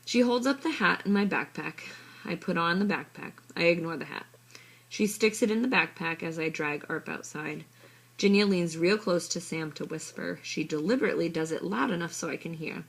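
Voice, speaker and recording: A woman reading a children's story in the first person, with a soft, even, husky voice. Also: deep voice, normal speed. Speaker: audiobook reader. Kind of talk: storybook narration.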